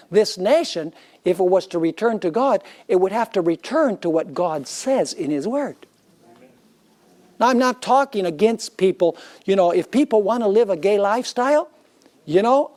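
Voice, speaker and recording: A man's voice: high-pitched, a little mellow. A male pastor preaching a sermon in an emphatic way, often asking his listeners rhetorical questions.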